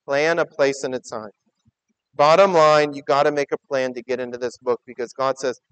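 A man preaching a sermon as pastor, conversational and emphatic, swinging from loud urgings to quiet, intimate asides. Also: medium pitch, steady tone, normal speed, smooth, no echo, poor audio.

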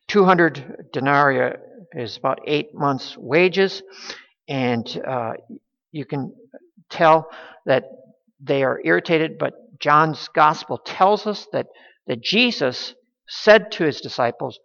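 A man preaching a sermon as pastor, halting, with many restarts and fillers. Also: on the high side, lively intonation, gravelly, fairly bright tone. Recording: dull sound with long hall reverb.

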